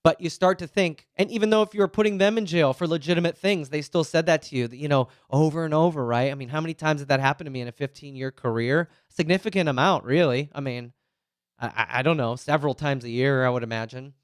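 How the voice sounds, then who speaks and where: A retired police officer in his forties talks frankly to a listening audience, tossing in "right?" again and again to keep them with him. His voice is smooth and resonant and sits a bit high for a man. It is recorded close and dry, with no room sound. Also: quick pace, no room sound. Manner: candid, conversational, sprinkles "right?" and "you know". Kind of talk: personal talk to an audience.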